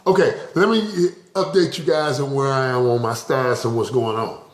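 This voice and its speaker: The room echoes around a man with a mid-range voice speaking at normal speed. He's vlogging casually, rambling and restarting with stutters and repeated words, laughing and tearing up openly as he goes.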